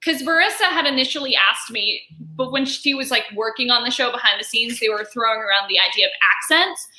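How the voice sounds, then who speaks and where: A woman's voice: a little high, expressive, brisk, bright, forceful tone, roomy sound, rough recording. A woman with a Canadian accent, a voice actress guest chatting in an interview and acting out the dialogue she quotes. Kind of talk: casual interview chat.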